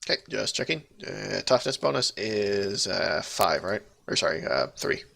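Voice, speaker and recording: Male GM with a gravelly, bright voice, joking and rambling through the turn order. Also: fairly low pitch, animated, normal speed. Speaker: game master. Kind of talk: running a tabletop game over voice chat.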